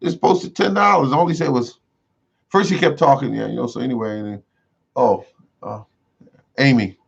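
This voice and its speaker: A man's voice: mid-range voice, very animated, brisk, creaky, breathy edge. A man hosting a casual gardening livestream, rambling and repeating himself with many fillers. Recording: dull lo-fi sound.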